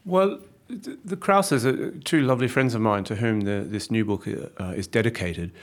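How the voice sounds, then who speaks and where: A man's voice: lowish voice, normal speed. A middle-aged Australian man with an Australian accent, talking thoughtfully as an interview guest, with frequent restarts. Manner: thoughtful, many restarts and fillers. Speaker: conductor and author guest. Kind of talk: reflective interview talk.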